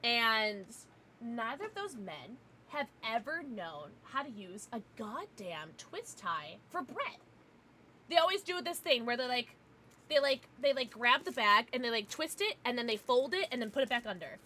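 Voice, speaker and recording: Lively, bright-voiced young woman streamer. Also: fairly high pitch, normal speed, a little hiss or hum. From United States. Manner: animated, ranting, laughing often, talks to pets. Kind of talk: casual livestream chat with viewers.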